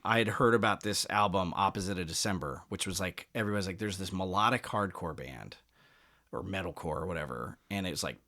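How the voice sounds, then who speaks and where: A man, a musician, telling stories casually as a podcast guest and acting out the people in them. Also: deep voice. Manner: animated, acts out quoted dialogue. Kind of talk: casual storytelling.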